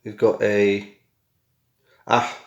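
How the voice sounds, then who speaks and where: A man's voice: fairly low pitch, completely flat delivery, very slow, dull audio. Chatty British man in an echoey room. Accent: British English. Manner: chatty, self-mocking, wisecracking asides. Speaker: tech vlogger. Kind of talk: casual unboxing chat. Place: small room at home. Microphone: camera mic.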